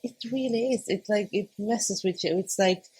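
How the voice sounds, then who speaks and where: A young woman, a podcast guest, talking casually and hesitantly, often searching for words and laughing softly between thoughts. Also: mid-range voice, normal speed, husky. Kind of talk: casual conversation.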